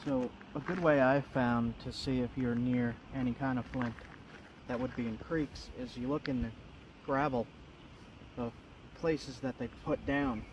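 A man hunting for flint outdoors along a creek, talking casually and excitedly to his camera and laughing often. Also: mid-range voice, unhurried, muffled recording. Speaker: flint knapping vlogger. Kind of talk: casual outdoor vlog narration. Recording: noisy outdoor recording.

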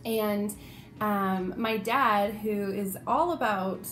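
A young woman vlogger telling a personal story in a casual, animated way, acting out the quotes as she goes. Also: mid-range voice, takes it slowly, faint music behind.

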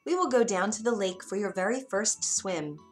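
A woman voicing a fussy, caring mother duck in an animated storybook, high and sing-song, motherly and sometimes stern. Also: moderate pace, faint music behind, close to an everyday voice. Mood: cheerful.

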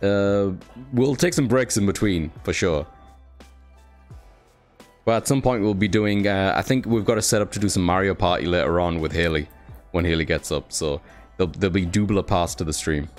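A man's voice: sits low, moderate pace, soft background music. A young British man chatting casually on his live stream, thanking viewers and swearing now and then. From Britain. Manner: chatty, swears, reads chat aloud.

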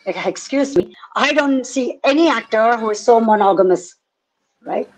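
Middle-aged woman, slightly high-pitched, indignant testimony, re-enacts dialogue. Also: expressive, normal speed, soft background music, low-quality recording. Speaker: interviewee, mother recounting events. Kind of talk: personal testimony.

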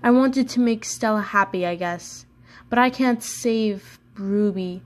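A woman's voice: mid-range voice, unhurried, natural voice. A gloomy male gorilla, read plainly by a woman speaks in a subdued storybook voice. The reading stays close to her everyday tone.

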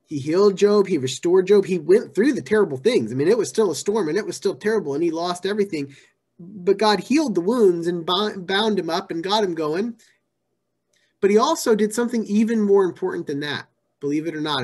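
A man preaching a sermon in a conversational way, repeating phrases and moving between hushed and emphatic delivery. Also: high-pitched, slightly rough. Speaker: pastor.

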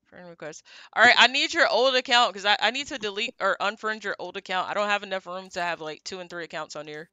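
A woman's voice: mid-range voice, fast talker, hardly any pauses, bright, forceful tone, clean tone, dry recording. A woman streaming a game with viewers, chatting casually and muttering to herself as she sets things up. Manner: distracted, muttering while setting up the game. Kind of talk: casual gaming chat.

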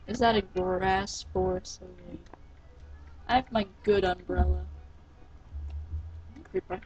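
A woman casually commenting on a video game she plays, sounding tired and rambling, with sudden excited squeals. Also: mid-range voice. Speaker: let's-play gamer. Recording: dull lo-fi recording with faint game music.

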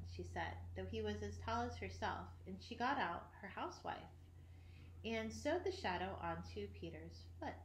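A woman reading a children's classic aloud, expressive, with occasional slips and throat clearing. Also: mid-range voice, normal speed, slight background noise. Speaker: audiobook reader. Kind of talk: storybook narration. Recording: roomy echo.

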